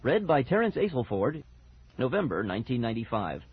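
A man narrating an audiobook with expressive storytelling. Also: mid-range voice, brisk, slightly rough, dry recording. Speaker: audiobook reader. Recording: dull old cassette audio.

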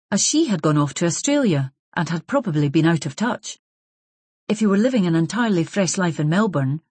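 Low, husky woman narrating. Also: no echo. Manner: measured, even storytelling. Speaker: audiobook narrator. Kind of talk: scripted narration.

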